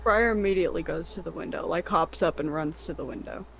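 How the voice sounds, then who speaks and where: A woman's voice: sits low, fast, vocal fry. Wry woman player in a tabletop game. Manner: wry, joking. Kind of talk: casual tabletop play. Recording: faint background noise.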